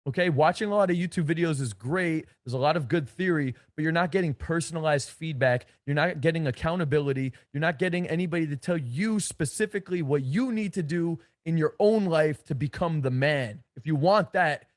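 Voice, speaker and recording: A man giving casual dating advice to camera, energetic and blunt, with swearing and lots of 'like'. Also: a little high, a little fast, hardly any pauses, dry recording. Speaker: dating coach.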